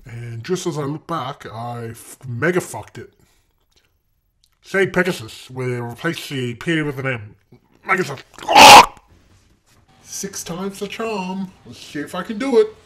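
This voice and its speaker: A young man with a fairly high voice commentates over his own gameplay footage. He is exasperated, swears nonstop and yells insults at himself. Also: animated, a little slow. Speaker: gaming video creator.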